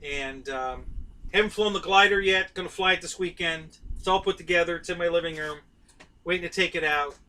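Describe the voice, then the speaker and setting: A man's voice: on the high side, brisk, sharp tone, recorded from a distance, low-quality recording. A middle-aged man, hosting a casual live stream and rambling to his viewers by name.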